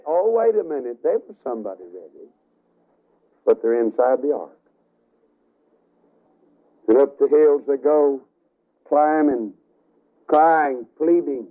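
A man preaching a revival sermon, telling a story dramatically with sudden swings between loud and soft, on a tinny radio broadcast recording. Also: a little high, animated, normal speed.

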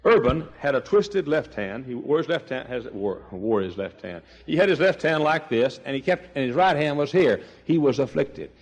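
An older man preaching a sermon, telling stories with emphatic swings between loud and hushed delivery. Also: medium pitch, expressive, normal speed, few pauses, breathy edge. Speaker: pastor.

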